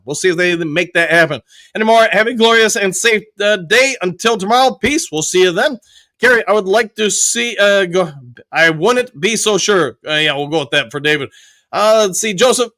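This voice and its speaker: A man's voice: sits high, sharp tone, dry recording. A man from Michigan hosting a live fan show, reading viewers' chat messages aloud and answering them. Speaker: host.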